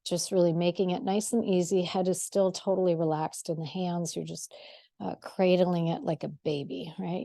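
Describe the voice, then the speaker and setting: A woman leads a movement exercise class, chatty and encouraging, slightly out of breath, and tossing in self-deprecating asides as she instructs. Her fairly low voice is creaky and mellow, with a flat delivery at normal speed.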